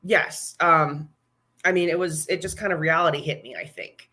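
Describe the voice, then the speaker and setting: A woman's voice: low voice, steady tone, normal speed, pushed and bright. Young woman chatting candidly. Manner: candid, chatty, laughs often. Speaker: guest, new mother. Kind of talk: casual podcast chat.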